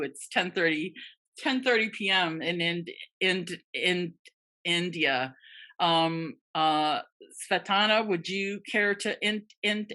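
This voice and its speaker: A woman's voice: fairly low pitch, bright, forceful tone. A woman hosting a panel over a video call, speaking with a stutter and repeated part-words. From United States. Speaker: panel host.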